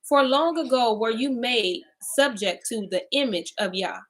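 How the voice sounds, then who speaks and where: A woman's voice: fairly high pitch, unhurried, fairly bright tone, poor audio. Lady reading a sorry but fierce first mother, plain scripture reading. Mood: scolding.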